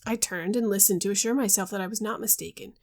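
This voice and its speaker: A woman reading the part of a grave young husband troubled by a mysterious voice, in a measured, earnest way and in her own voice. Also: medium pitch, darkish tone, natural voice.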